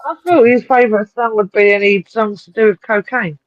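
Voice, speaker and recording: A woman's voice: mid-range voice, steady tone, a little fast, dry recording. Crude teasing woman on a dull line. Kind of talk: casual podcast chat.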